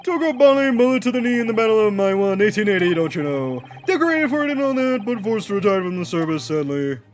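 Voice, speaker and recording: A pompous retired army officer, well past his fighting days, booms and swoops through his old-fashioned talk. His voice sits high and lively, as a man puts him on for a game. He speaks with the puffed-up pride of an old soldier. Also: fast, slight background noise. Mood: blustering. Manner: blustering, old-fashioned military bluster.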